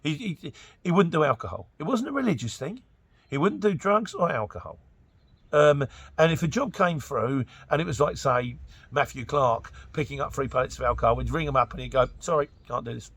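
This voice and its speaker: A man's voice: a little high, animated, a little fast, fairly bright tone, slightly rough, dry recording. A middle-aged man from Luton with a Luton English accent, chatting casually through viewer questions on his vlog, joking, rambling into asides and mimicking the people he quotes. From Luton, England. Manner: chatty and jokey, rambling asides, mock-quoting others. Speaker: trucker vlogger answering viewer questions.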